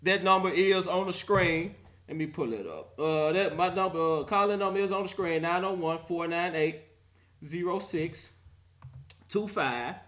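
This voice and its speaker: A man's voice: high voice, normal speed, fairly bright tone. A young adult man hosting a live call-in sports show, roasting players and fans in a laughing mock-preacher style.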